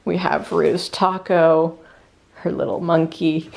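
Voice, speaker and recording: A young woman talks to her handheld camera in a casual, chatty vlog, leaning on fillers as she tells a story. Her voice sits low, with a gravelly fry running through it. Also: flat delivery, takes it slowly, pauses often, a little mellow. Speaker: vlogger. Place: indoors at a rented cabin at night.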